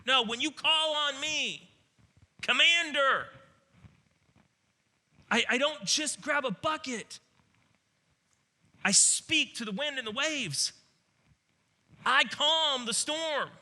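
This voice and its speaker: A man preaching a sermon, speaking as a powerful, reassuring savior in a fervent, insistent voice, pitched higher and louder than his plain talk. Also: takes it slowly, pauses often, heavily acted.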